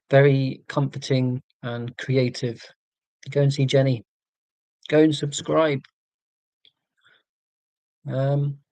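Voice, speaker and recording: A man's voice: fairly high pitch, darkish tone, no room sound, poor audio. A Scottish man hosting a casual live stream from home, chatting in a rambling, self-deprecating way and reading out viewer comments. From Scotland.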